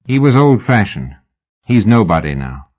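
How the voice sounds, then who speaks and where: A man voicing a sly, lean Victorian London swindler who talks low and soberly. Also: very animated, normal speed, husky. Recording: phone-like narrow band.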